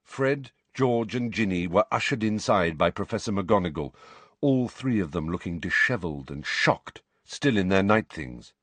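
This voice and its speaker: A man narrating a story in a measured, expressive way. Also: low-pitched, no echo. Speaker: audiobook narrator. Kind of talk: scripted narration.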